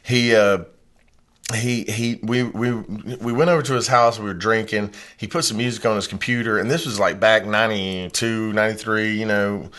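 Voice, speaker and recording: A man from Georgia hosting a podcast, telling stories in casual, profane, animated chat. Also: fairly low pitch, moderate pace. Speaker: podcast host.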